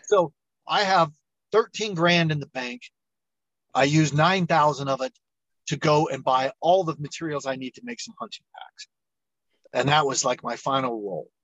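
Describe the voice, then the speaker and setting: A middle-aged man spins a long story as an interview guest, jumping into the voices of the people he quotes. His voice sits a bit high for a man, and the sound is dry and close, with no room around it. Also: moderate pace, no room sound, lo-fi sound. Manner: animated storyteller, acts out quoted dialogue. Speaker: entrepreneur guest.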